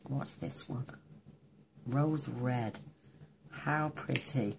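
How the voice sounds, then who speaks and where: A woman with a remarkably deep voice and a gravelly edge gushes over her colouring, thinking aloud through a card-making tutorial. A faint hiss sits under her talk. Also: very slow. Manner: gushing, chatty, thinks aloud while colouring. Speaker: craft demonstrator.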